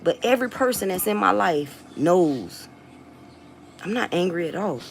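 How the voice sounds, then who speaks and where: A woman with a Southern US accent speaks with a voice that sits a little low. She is blunt and defiant, swearing freely as she talks to her viewers. Faint room noise hums behind her. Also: lively intonation, normal speed, creaky, poor audio. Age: adult, a mother. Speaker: vlogger and rapper. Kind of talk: casual talk to viewers.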